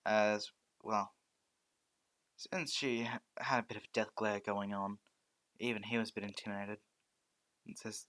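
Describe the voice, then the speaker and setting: A man narrating a fan story off the cuff, halting often with restarts and stumbles. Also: lowish voice, little pitch movement, fairly bright tone.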